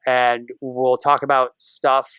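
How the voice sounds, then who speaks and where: A man talking as a podcast guest in a loose, rambling way, full of ums and restarts. His voice is smooth and resonant but stays quite flat in pitch. The audio is dry and a little dull. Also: slow, dry recording. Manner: relaxed, rambling, hesitant with fillers. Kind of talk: casual interview chat.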